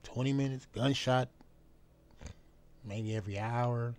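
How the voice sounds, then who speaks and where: A man talking bluntly and profanely in a casual vlog monologue. He repeats phrases for emphasis and swings between loud outbursts and low mutters. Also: steady tone, measured pace, slight background noise. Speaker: vlogger.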